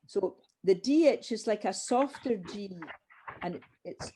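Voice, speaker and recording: A woman leads a language class at an unhurried pace. Her voice is mellow and soft-edged. She patiently drills each sound and calls on her learners one by one. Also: medium pitch, animated, a little hiss or hum. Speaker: language teacher. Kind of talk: online group language class.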